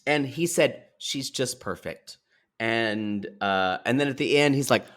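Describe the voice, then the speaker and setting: A man co-hosting a podcast, chatting casually about a reality show. He retells scenes with filler words and acts out what the people said. His voice sits at an ordinary pitch. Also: measured pace, a bit bright. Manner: chatty storyteller, acts out quotes, many fillers. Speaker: podcast co-host.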